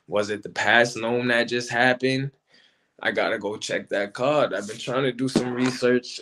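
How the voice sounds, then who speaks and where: Slangy, animated man talking battle rap. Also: medium pitch, slight background noise. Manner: animated, slangy, repeats himself. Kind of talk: casual commentary monologue.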